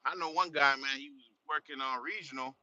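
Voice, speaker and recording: A man who drives a truck, talking bluntly and casually in a streetwise way, swearing freely as he films from the cab on the highway. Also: a little fast, pushed and bright, dry recording. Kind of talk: casual vlog while driving. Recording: dull lo-fi sound.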